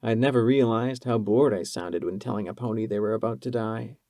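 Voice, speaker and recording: A male narrator reads a dramatic audiobook in a measured way. His voice is dark and gravelly, and the recording is dry and close. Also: lowish voice, dry recording.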